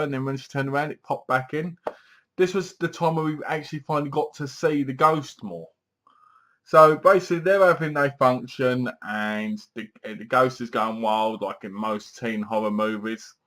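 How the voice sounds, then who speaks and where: A man's voice: medium pitch, fairly bright tone. A man giving a casual, rambling film review, leaning on filler words and restarts.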